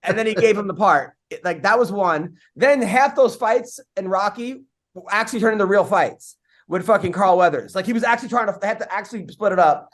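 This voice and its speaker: A man's voice: high-pitched, a little fast, a bit bright. A man hosting a podcast, telling rambling stories in casual chat and swearing freely. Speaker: podcast host.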